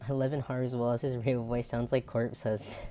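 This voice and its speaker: A woman's voice: a bass voice, little pitch movement, a little fast, mellow, faint music behind. A woman streamer with a nasal, androgynous voice, chatting casually and rambling, laughing often. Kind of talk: casual chat.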